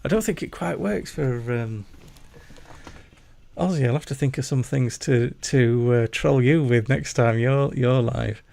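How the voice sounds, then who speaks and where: A man's voice: medium pitch, measured pace, vocal fry, darkish tone, dry recording. A man with a Yorkshire accent, hosting a casual gaming livestream, chatty and jokey, rambling as he talks to his chat. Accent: Yorkshire English. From Yorkshire, England. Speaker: livestream host.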